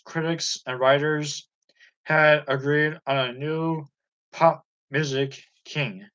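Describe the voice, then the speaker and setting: A man reading a music biography aloud chapter by chapter, in a steady and even manner. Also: fairly high pitch, poor audio. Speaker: audiobook reader.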